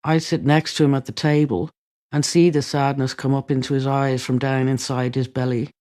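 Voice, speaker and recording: A man reading a memoir aloud, calm, even and unhurried, on a close studio mic. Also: medium pitch, no room sound. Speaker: audiobook reader.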